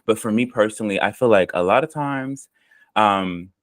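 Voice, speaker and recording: Low-voiced American man, loose rambling chat. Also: normal speed, dry recording. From United States. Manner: relaxed, rambling, with frequent ums and likes. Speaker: interviewee. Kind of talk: casual conversational storytelling.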